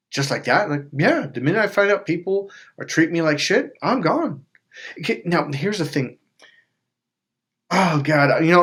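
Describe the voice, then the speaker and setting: A man hosting a self-help video, telling stories in a casual, animated way with frequent swearing. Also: on the high side. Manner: animated storytelling with swearing and acted-out quotes. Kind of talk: casual motivational talk.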